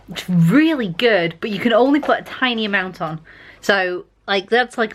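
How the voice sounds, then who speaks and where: A woman's voice: fairly high pitch, a bit bright. A woman from England chatting enthusiastically to the camera at home in a daily vlog. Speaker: vlogger. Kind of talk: casual vlog chat.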